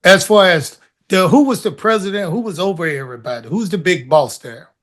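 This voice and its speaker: A man's voice: sits high, fairly quick. An older man co-hosting a podcast, who asks easygoing follow-up questions and often repeats his words. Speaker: podcast co-host. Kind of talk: casual interview chat.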